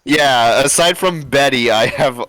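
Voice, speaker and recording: A man's voice: mid-range voice, a little slow, fairly bright tone, no echo. A man bantering and joking as a co-reader on a livestream. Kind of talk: casual chat.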